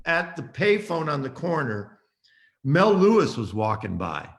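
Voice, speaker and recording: A man's voice: fairly high pitch, big pitch swings, measured pace, vocal fry. A man in his sixties, a guest saxophonist, telling stories in an interview and acting out the voices in them. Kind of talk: storytelling in an interview.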